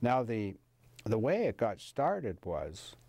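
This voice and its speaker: An older man speaks in a lowish, unhurried voice, searching for words with plenty of fillers and restarts. The recording is close and dry, with no room sound around him. He chuckles now and then as he recalls things. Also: sing-song, a little mellow, dry recording. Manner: rambling, hesitant with many fillers and restarts, chuckling. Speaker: professor of anesthesiology, guest. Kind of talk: casual interview recollection.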